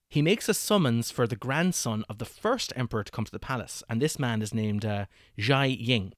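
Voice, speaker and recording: A man's voice: mid-range voice, moderate pace, few pauses, dry recording, clean studio sound. A man hosting a podcast, telling a history story in casual chat, often laughing and acting out what people said. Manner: animated, laughs often, acts out quotes.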